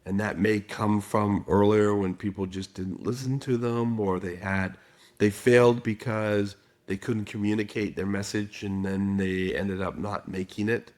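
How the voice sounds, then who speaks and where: Middle-aged guy with a lowish voice, podcast guest telling stories, acts out quotes. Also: fairly even intonation, a little slow, darkish tone. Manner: storytelling with acted quotes. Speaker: guest expert. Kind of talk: podcast interview.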